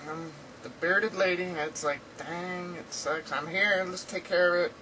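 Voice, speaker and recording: A woman's voice: fairly low pitch, fairly even intonation, unhurried, distant mic, crowd noise, poor audio. A woman chatting casually in a rambling video diary from home, laughing often, her throat dry and sore. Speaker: vlogger. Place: indoors at home.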